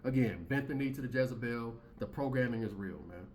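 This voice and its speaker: A man in his thirties rants bluntly into the camera, heated and slangy, circling back to the same points. His voice sits in an ordinary middle pitch, and a faint hum runs behind him. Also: brisk, darkish tone. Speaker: commentary channel host. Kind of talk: blunt commentary rant.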